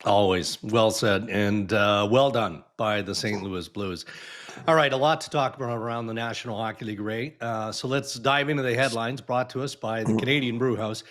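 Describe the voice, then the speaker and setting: A man's voice: medium pitch, moderate pace, fairly bright tone. A man co-hosting a podcast, reading an ad and running through the headlines. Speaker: podcast co-host.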